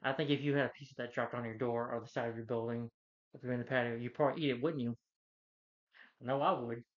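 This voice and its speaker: A man's voice: mid-range voice, steady tone, quick pace, muffled recording. A man giving a casual, rambling, enthusiastic film review, retelling the plot.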